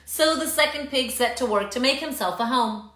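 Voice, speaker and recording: Bright animated lady doing storytime read aloud, gets kids to join in, echoey room. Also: high voice, normal speed. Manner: lively, coaxes listeners to join in. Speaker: children's read-aloud host. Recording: roomy echo.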